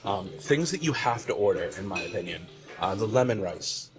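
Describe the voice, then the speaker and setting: A man's voice: fairly low pitch, lively intonation, normal speed. A man hosting a food vlog, chatting casually and laughing often at a restaurant table. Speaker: food vlogger host. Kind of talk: casual food review chat. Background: background music.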